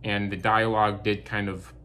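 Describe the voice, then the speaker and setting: A man's voice: lowish voice, level tone, moderate pace, a bit bright, a little hiss or hum. A man giving a casual spoken film review, blunt and candid with his opinions.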